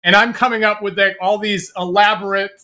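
Middle-aged man, casual talk, rambling with fillers, highish pitch. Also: steady tone, fairly quick, bright, forceful tone. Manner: rambling storyteller, many fillers and restarts. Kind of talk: casual conversation.

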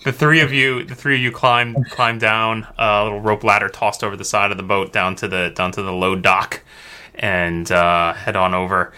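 A man's voice: lowish voice, little pitch movement, moderate pace, pushed and bright, smooth. A man narrating as game master of a tabletop game, often stumbling and repeating words.

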